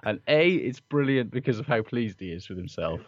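A man's voice: medium pitch, animated, fairly quick, no echo. A man co-hosting a casual rugby chat podcast, swearing often and laughing a lot. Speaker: podcast co-host. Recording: dry, slightly dull audio.

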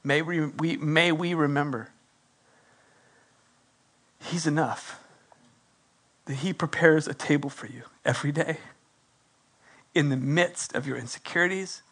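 Male preacher, high-pitched, animated sermon delivery that slips into acted quotes. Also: unhurried, long pauses, slightly rough. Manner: animated, acts out quoted voices. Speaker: pastor. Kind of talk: sermon with prayer.

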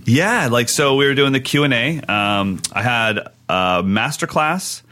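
A man co-hosting a drumming podcast, chatting casually and telling animated stories. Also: mid-range voice, a little slow, a little hiss or hum. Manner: animated storyteller, acts out quotes. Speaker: podcast co-host and drum clinician. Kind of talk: casual chat.

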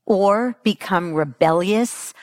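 A middle-aged woman giving a motivational parenting talk to an audience. She acts out the quotes she tells, jumping her pitch for them. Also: takes it slowly, no echo, studio quality. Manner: animated, acts out quotes with big pitch jumps. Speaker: parenting coach speaker.

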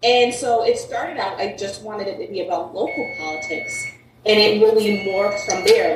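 A woman's voice: mid-range voice, moderate pace, noisy background. Talkative Connecticut woman, echoey room. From Connecticut, USA. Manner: talkative, uses "like" and "um" a lot. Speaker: podcast guest. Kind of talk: casual interview chat. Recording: echoey room, mic at a distance.

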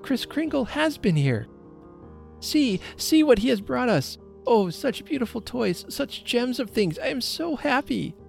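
A man voicing an excited little girl overjoyed with her Christmas toys, high and gushing. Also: a little slow, creaky, soft background music, full character voice.

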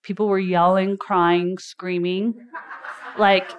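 A woman's voice: lowish voice, little pitch movement, takes it slowly. A woman life coach giving a motivational talk at a live event indoors, chatty and storytelling, laughing often.

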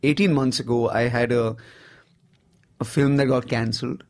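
A man in his thirties with an Indian accent talks through his story at an even, mid-range pitch. He speaks in a loose, lively conversational way, often tossing in "you know". The tone is that of a comedian chatting casually as an interview guest. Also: moderate pace.

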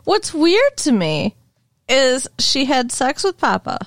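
A woman co-hosting a podcast, chatting casually, blunt and expressive, laughing often. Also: sits high, slow, dry recording. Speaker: podcast co-host. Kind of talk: casual chat.

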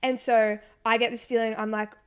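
Young female co-host, casual rambling chat, a bit high-pitched. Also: level tone, moderate pace, clear, resonant tone. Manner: chatty, rambling with many fillers. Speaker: podcast co-host.

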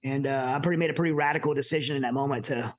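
Fast-talking earnest American man. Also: medium pitch, fairly even intonation. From United States. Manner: earnest, halting, many fillers and restarts. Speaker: podcast guest. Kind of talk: personal storytelling in an interview.

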